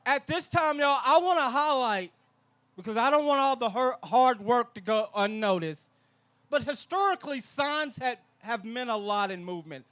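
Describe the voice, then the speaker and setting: A man's voice: very high voice, expressive, normal speed, a bit bright. A man emceeing an outdoor rally in an easygoing, chatty way, introducing the speakers. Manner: easygoing, chatty, says y'all. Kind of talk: casual stage hosting.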